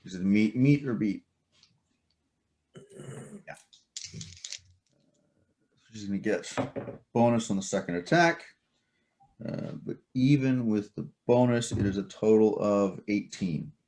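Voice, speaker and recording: A man's voice: on the low side, expressive, slow, long pauses, darkish tone. A man running a tabletop game as game master, explaining the scene at length with many fillers and restarts.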